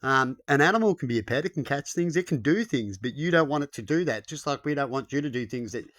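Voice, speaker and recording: Brief: a man in a mid-pitched voice, musing to camera, rhetorical and rambling. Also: animated, quick pace, fairly bright tone. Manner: rhetorical, keeps asking "right?". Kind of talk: casual musing monologue.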